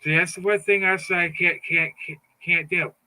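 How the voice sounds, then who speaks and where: A middle-aged man speaks in a fired-up, taunting monologue, with a bright, forceful, cutting edge to his voice that sits a little high. He stumbles and repeats words as he pushes on. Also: steady tone, normal speed, rough recording. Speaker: political commentator. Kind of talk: casual monologue.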